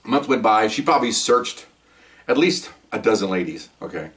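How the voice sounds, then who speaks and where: A man's voice: fairly low pitch, animated, moderate pace, fairly bright tone, distant mic. An older man, a retired police officer, telling stories in a rambling, conversational way full of asides and restarts. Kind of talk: casual storytelling to camera.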